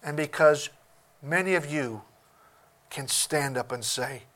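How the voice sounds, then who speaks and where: Male preacher, high-pitched and emphatic, restarts phrases as he goes. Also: a bit bright. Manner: emphatic, deliberate, repeats words while searching. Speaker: pastor. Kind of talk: sermon.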